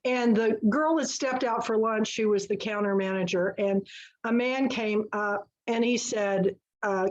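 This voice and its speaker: A woman hosting a casual book club chat, telling stories in a lively, animated way. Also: on the high side, moderate pace, poor audio. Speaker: host. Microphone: video call.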